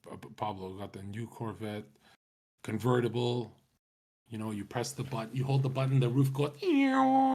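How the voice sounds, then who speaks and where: A man's voice: lowish voice, steady tone, moderate pace, warm tone. A man talking casually to his stream chat, rambling and swearing, with many restarts.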